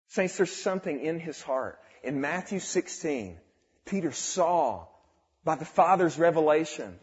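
Casting: high-voiced young man, fervent sermon testimony, dull lo-fi recording. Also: very animated, a little slow. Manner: fervent, swings from quiet to exclaiming. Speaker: speaker giving a testimony.

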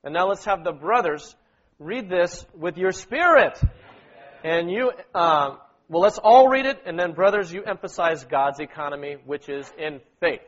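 Slightly slow and with a fairly bright tone, this male pastor delivers a sermon with group scripture reading, his high, lifted voice coaxing the congregation to follow along. His style is exhorting, with repeated words and quick calls of "okay?" and "amen." Audio quality is muffled and lo-fi, as if captured on a basic device.

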